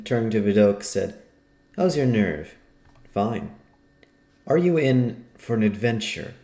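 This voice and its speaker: A man narrating an audiobook in a measured storytelling manner. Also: fairly low pitch, dark tone, echoey room. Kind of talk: scripted narration.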